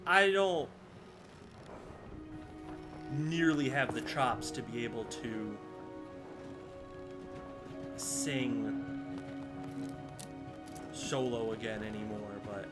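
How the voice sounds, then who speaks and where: A man's voice: mid-range voice, drawn-out words, long pauses. A man streaming a game live, chatting casually and scattered with viewers, swearing now and then. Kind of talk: casual gameplay commentary. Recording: music playing behind.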